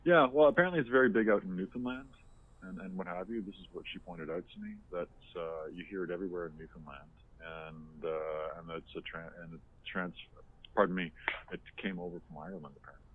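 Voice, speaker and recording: A man's voice: low voice, a little fast, a little hiss or hum. A man co-hosting a podcast in casual, opinionated chat, rambling with lots of fillers and restarts, heard over a tinny phone-like line. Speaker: podcast co-host.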